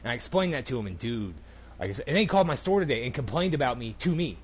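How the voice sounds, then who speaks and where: A man's voice: mid-range voice, very animated, racing, husky, dull audio. A young man, a store cashier, casually telling a heated, profane story with laughs while gaming.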